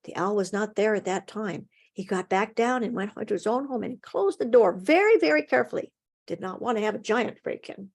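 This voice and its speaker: A woman storyteller telling a folktale at an online story swap, expressive, with dramatic pauses and emphasis, heard over a video call. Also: medium pitch.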